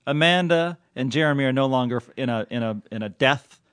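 A man's voice: medium pitch, fairly quick, smooth, no echo. A man hosting a casual podcast, joking and chatting with a co-host. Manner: animated, joking, reads letters aloud with flair.

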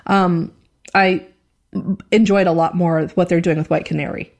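Animated woman chatting about TV. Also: lowish voice, moderate pace. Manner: animated, laughs often, mimics accents. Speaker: podcast co-host. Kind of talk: casual TV review chat.

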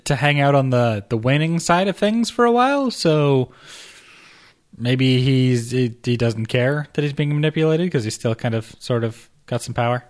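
A man's voice: medium pitch, expressive, normal speed. A man co-hosting a podcast, talking casually about a film in a wry, joking way with stammered restarts. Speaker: podcast co-host.

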